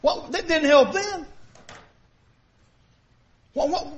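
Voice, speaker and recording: High-voiced man preaching, dull lo-fi sound. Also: takes it slowly. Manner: conversational preaching full of rhetorical questions. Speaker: pastor. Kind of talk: sermon. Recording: dull lo-fi recording.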